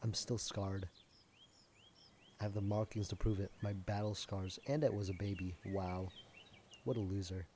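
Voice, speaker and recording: A man's voice: deep voice, fairly even intonation, normal speed, long pauses, a little mellow, slight background noise. A young man giving casual, rambling gameplay commentary, full of "like" and jokes. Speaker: gameplay streamer.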